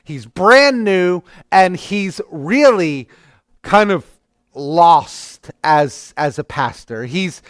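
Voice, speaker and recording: A man's voice: sits high, lively intonation, extremely slow, no room sound, clean studio sound. A man teaching an adult church class in a conversational lecture, often restarting his sentences.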